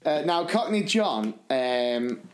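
A man co-hosting a podcast, telling anecdotes in casual chat, animated and laughing often as he acts out what people said. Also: a little high, slow, soft background music. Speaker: podcast co-host.

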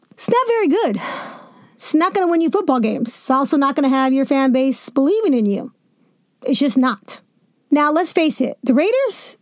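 A young woman with a high, bright voice talks football on her podcast, joking and venting in quick asides. The sound is close and dry, with no room around it. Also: no echo. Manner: animated, jokey, venting with laughs and asides. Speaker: sports podcast host. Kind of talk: casual sports commentary.

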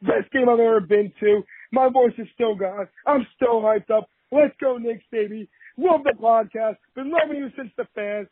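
A hoarse man calling into a sports show, his voice shot from cheering, talking in a hyped, chanting way. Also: extremely high pitch, moderate pace, hardly any pauses, dry recording. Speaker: caller. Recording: tinny phone line.

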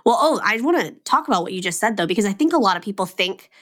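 A young adult woman co-hosts a podcast, chatting casually and rambling with plenty of filler words. Her medium-pitched voice is expressive and rapid-fire.

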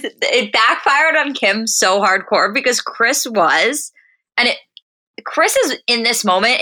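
Bright, emphatic woman podcaster. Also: mid-range voice. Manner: blunt, emphatic, swears freely. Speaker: podcast co-host. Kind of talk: casual recap chat.

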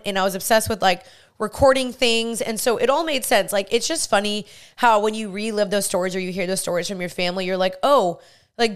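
A woman's voice: mid-range voice, smooth. A woman in her twenties, a podcast host, telling a casual story in a bubbly, gushing way with lots of "like". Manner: bubbly, gushing, heavy use of "like".

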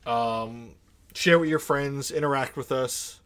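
A man's voice: mid-range voice, normal speed, a bit bright. A young man co-hosting a podcast in a laid-back casual chat, full of filler words. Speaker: podcast co-host.

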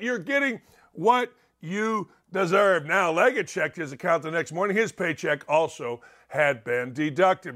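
A man's voice: a little high, pushed and bright. A middle-aged man hosting a talk show, delivering an opinionated monologue full of sarcastic, mocking rants. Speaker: sports radio host.

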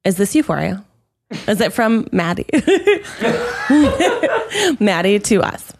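A woman's voice: medium pitch, big pitch swings, slow, long pauses, husky. A woman co-hosting a podcast, chatting casually, laughing often and reading a listener letter aloud. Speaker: podcast co-host. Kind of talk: casual chat.

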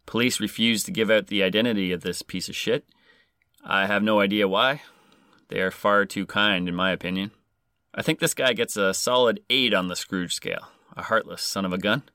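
A man's voice: low voice, pushed and bright, smooth, no echo, clean studio sound. A man hosting a podcast, reading a scripted story with crude, sarcastic jokes. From Canada. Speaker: podcast host.

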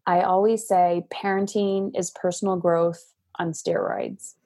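A middle-aged woman, a parenting coach guesting on a podcast, telling stories in a lively, casual way over a video call. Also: lowish voice, unhurried. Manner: animated storytelling with acted quotes. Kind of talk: casual interview talk.

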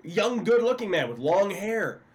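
Animated male sports show host. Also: high voice, unhurried. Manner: animated storyteller, teasing. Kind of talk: casual sports talk.

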